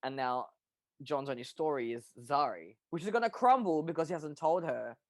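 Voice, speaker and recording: A co-host on a casual online fan discussion of a TV show, emphatic, excitable and jokey. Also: medium pitch, normal speed, dry recording. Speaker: podcast co-host.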